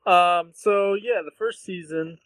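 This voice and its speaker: A young man co-hosting a podcast, chatting casually and retelling a story in a halting way, full of fillers. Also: sits high, fairly bright tone, no room sound, poor audio. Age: young adult. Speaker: podcast co-host. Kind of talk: casual chat.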